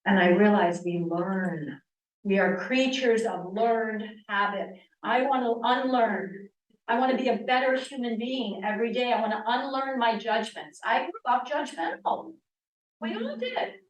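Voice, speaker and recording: A woman in her sixties, from the northern United States, speaking as a guest speaker on yoga and telling personal stories in an animated way, acting out the dialogue she quotes. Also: a little high, measured pace. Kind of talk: personal storytelling talk. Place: church hall. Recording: echoey room, distant mic.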